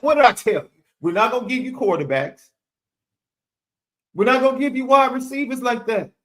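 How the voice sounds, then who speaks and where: Animated, high-voiced sports podcast host. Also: male voice. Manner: emphatic, repeats phrases for effect, pleading and preachy.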